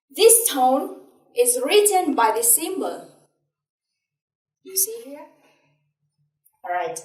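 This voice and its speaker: A woman teacher with a Vietnamese accent, slowly explaining and demonstrating tones syllable by syllable. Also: high-pitched. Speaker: language teacher. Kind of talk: slow, deliberate language lesson. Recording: echoey room, a bit far from mic.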